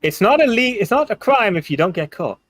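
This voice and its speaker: A young man with an Indian English accent, running a casual tabletop game session as dungeon master. He rambles through ideas with lots of "like" and restarts, and adds quick jokes. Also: high-pitched, sing-song, fairly bright tone.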